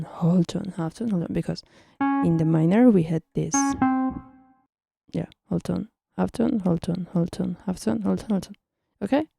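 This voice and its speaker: A woman's voice: fairly low pitch, gravelly, mellow, slightly rough. A young woman teaching music theory in a casual online tutorial, chatty and teasing, often correcting herself mid-sentence.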